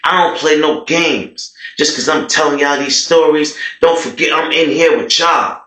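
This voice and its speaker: A man's voice: on the high side, measured pace, bright, forceful tone, voice pushed up. A man voicing a small, cocky male inmate who boasts and taunts. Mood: taunting. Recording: echoey room.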